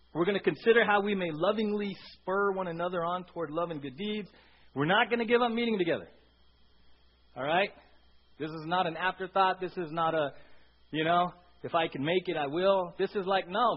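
A man preaching a sermon as pastor, conversational, often checking in with the congregation with "right?". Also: high-pitched. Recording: dull lo-fi sermon audio.

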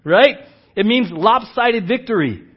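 A man preaching a sermon, telling a story and then teaching with lively emphasis. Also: high voice, measured pace, slightly rough, lo-fi sound. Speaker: pastor.

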